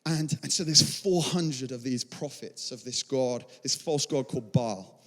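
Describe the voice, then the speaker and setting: A young man preaching a sermon to a church, telling a story with animated quoted voices. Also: mid-range voice, measured pace. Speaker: pastor. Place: large church hall. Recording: long church hall reverb.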